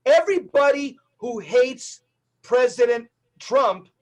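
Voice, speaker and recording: A man who is a Catholic evangelist, a guest on a podcast interview, talking in an emphatic, preacher-like, rapid-fire way. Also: extremely high pitch, animated.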